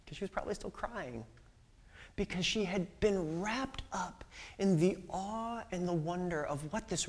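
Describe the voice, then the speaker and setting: A man with a notably high voice delivers an impassioned sermon. He retells a scripture story with voices for each figure. His volume swings from ringing peaks down to near-whispers. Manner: dramatic swings from loud to hushed whisper. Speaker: pastor.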